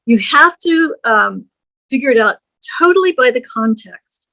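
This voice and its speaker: A woman giving a recorded English grammar lecture, spelling out words letter by letter and explaining them deliberately. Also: a little high, animated, vocal fry, bright, forceful tone, rough recording.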